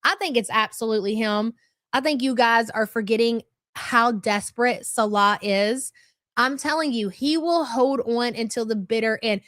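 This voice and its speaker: A woman's voice: on the high side, normal speed, a bit bright, dry recording, studio quality. A middle-aged woman hosting a casual live stream, chatting in a gossipy way and reading viewer comments aloud.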